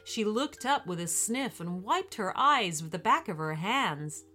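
Woman reading a kids story aloud, lively ups and downs, soft music in the back. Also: mid-range voice, a little slow. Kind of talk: storybook narration.

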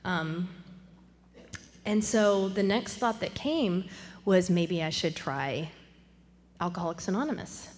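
A woman's voice: lowish voice, takes it slowly, long pauses, darkish tone, long reverb tail. A woman sharing her recovery story in a candid, self-deprecating way, laughing often and acting out what others said. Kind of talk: storytelling talk.

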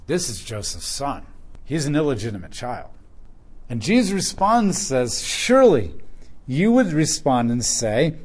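A man preaching through a Bible passage, animated as he acts out the voices of the people in the story. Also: on the high side, moderate pace. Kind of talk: expository Bible teaching.

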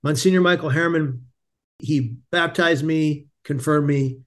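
Animated male guest telling his story. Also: fairly high pitch, a little slow. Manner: animated, laughs often, restarts. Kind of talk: personal storytelling.

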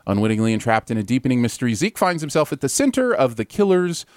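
Lively, chuckling male podcast host. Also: mid-range voice, fast, dry recording, studio quality. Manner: lively, chuckles between lines, loose with fillers. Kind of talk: casual podcast chat.

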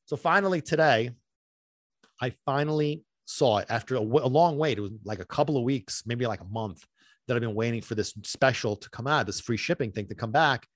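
Man, podcast host, animated rambling storytelling, mid-pitched voice, dry close sound. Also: brisk, no room sound. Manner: animated, rambling, swings between loud and muttered.

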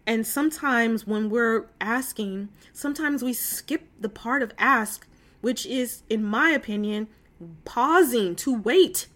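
A woman's voice: fairly high pitch, slow, fairly bright tone. A woman hosting a casual faith talk on a call, earnest and emotional, chatty with many fillers and asides. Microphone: phone call.

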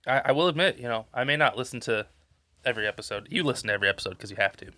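A man's voice: mid-range voice, lively intonation, rapid-fire, bright, forceful tone, no room sound. A man co-hosting a podcast while sick and congested, rambling and swearing through casual chat and losing his train of thought. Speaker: podcast co-host. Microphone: podcast microphone.

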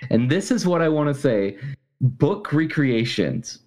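A man's voice: a little high, big pitch swings, a little slow, darkish tone. Blunt, profane man ranting about movies. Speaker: podcast co-host. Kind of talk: casual movie review chat.

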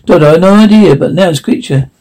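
A man's voice: high voice, fast, dark tone, natural voice, rough recording. A man voicing a clever, wry wandering traveller in a read-aloud story. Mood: curious.

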